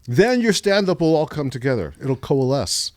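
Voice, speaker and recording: Dry, deadpan older man in a studio. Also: fairly high pitch, moderate pace, no room sound. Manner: dry, musing, deadpan with frequent restarts. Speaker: guest. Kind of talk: casual podcast conversation. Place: podcast studio.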